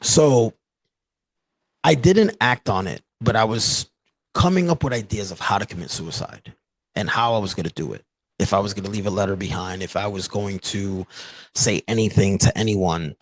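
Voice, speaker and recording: Man, podcast host, earnest and halting, deepish voice, dry close sound. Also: no room sound, low-quality recording. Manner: earnest, halting, heavy with "like" and "you know". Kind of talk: candid personal storytelling in a conversation.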